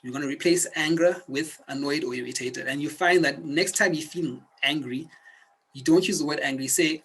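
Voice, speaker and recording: A man's voice: fairly high pitch, a little fast, fairly bright tone, slightly rough, low-quality recording. A man teaching a self-help video lesson, speaking earnestly and directly to the viewer like a coach. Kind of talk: instructional video talk.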